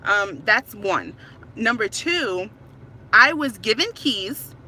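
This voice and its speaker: Frustrated tenant woman, thirties, emphatic phone rant, bright voice. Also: mid-range voice, lively intonation, takes it slowly, a little hiss or hum. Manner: frustrated, emphatic, repeats herself. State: stressed. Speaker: tenant filming a complaint. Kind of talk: ranting to camera.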